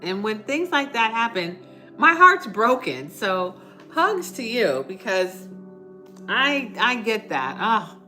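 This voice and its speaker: Bright, chatty woman hosting a livestream. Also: fairly high pitch, very animated, slow pace, faint music behind. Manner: chatty and reassuring, reads out viewer comments. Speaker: livestream host. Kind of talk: casual live chat with viewers.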